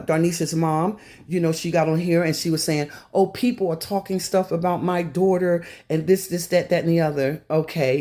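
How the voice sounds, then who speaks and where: A woman's voice: fairly low pitch, mellow. A woman hosting her own channel, giving casual commentary straight to her viewers in an emphatic, repetitive way. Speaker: YouTube commentary host.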